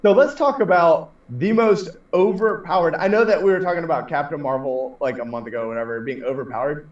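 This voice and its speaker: A man's voice: a little high, a little fast. A man co-hosting a podcast, laid-back as he steers a casual chat. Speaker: podcast co-host. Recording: roomy, distant and dull lo-fi sound.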